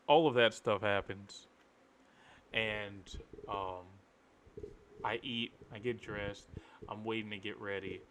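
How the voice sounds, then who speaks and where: A man's voice: fairly low pitch, fairly bright tone, slight background noise. A man in his twenties telling a story casually, rambling with lots of filler words. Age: 20s. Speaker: vlogger.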